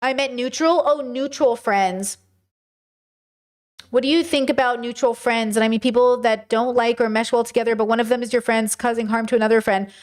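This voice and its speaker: A woman's voice: fairly high pitch, steady tone, fairly quick. Earnest woman streamer answering chat. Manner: earnest, emphatic, talks straight to viewers. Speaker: livestream host answering chat. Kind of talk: casual livestream chat.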